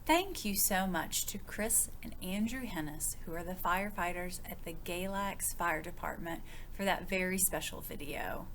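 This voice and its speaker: A woman, a children's librarian, reading a picture book aloud with expressive, child-directed storytelling and questions to her young listeners. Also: fairly low pitch, normal speed, few pauses, slight background noise.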